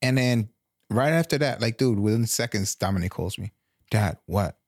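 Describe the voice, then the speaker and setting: A man in his thirties co-hosting a casual podcast chat, telling profane stories with animated retellings. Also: mid-range voice, a little fast, dry recording, clean studio sound. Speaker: podcast co-host.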